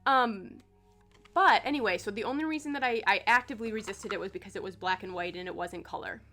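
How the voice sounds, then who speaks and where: A woman with a bright, clear voice chats casually to her audience about her tarot decks. She talks in a loose, rambling way with plenty of "like" and "um". Soft music plays faintly underneath. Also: medium pitch, quick pace. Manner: chatty, filler-heavy with frequent "like" and "um". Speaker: tarot content creator. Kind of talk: casual chat.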